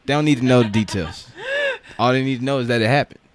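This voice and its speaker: A man co-hosting a casual podcast chat, telling stories in an animated way and jumping up in pitch when excited. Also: fast, no room sound. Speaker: podcast co-host.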